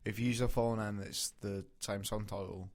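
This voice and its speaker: A man's voice: lowish voice, fairly even intonation, brisk, a little mellow. Hesitant young man, podcast co-host. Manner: hesitant, many ums, chuckles. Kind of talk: casual chat.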